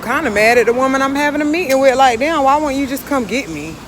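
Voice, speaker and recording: A woman's voice: high-pitched, expressive, quick pace. A woman vlogging outdoors on city streets, frank and irritated, hot and out of breath from walking. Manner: frank, irritated venting, then motivational. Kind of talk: casual vlog talk to camera. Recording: street noise under the voice. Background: street and traffic noise.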